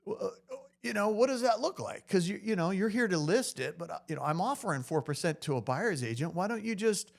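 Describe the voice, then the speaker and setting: Man playing wary old rancher, gruff and blunt, voice pushed well above his own. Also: high voice, animated, brisk, voice pushed up. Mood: hesitant. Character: gruff suspicious older male rancher.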